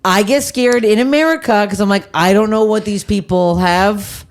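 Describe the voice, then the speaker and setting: A woman's voice: mid-range voice, normal speed. A woman hosting a podcast, chatting casually and telling stories with lots of swearing and acted-out voices. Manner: animated storyteller, swears a lot, acts out other people's voices. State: tired. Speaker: podcast host, comedian. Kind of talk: casual chat, storytelling.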